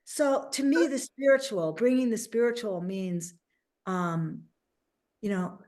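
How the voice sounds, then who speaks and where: A woman hosting a casual interview as a life coach, talking in an animated way and acting out little quoted voices. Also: medium pitch, takes it slowly.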